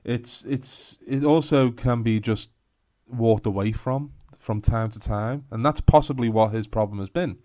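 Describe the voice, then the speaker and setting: A man's voice: mid-range voice, unhurried, hardly any pauses, dark tone, no room sound, lo-fi sound. A man with a Scouse accent co-hosting a podcast in casual chat, blunt and laughing, with sweary asides. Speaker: podcast co-host.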